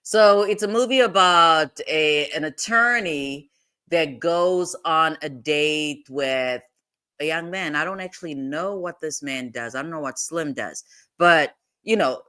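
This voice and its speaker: A woman's voice: low voice, unhurried, bright, forceful tone, smooth. A woman hosting a legal commentary livestream, rambling and digressive in casual talk, breaking into laughs often.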